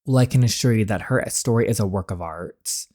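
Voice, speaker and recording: A man's voice: on the low side, brisk, a little mellow, close to an everyday voice. Guy reading a sulky bookish art lady in a story game. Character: moody, bookish woman art expert.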